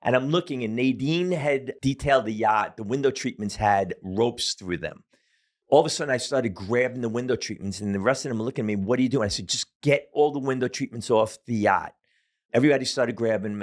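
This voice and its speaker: A middle-aged man of average pitch tells a story as a podcast guest. He talks casually and swears freely, with lots of fillers and restarts. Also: normal speed. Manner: casual, profane, animated storyteller with many fillers.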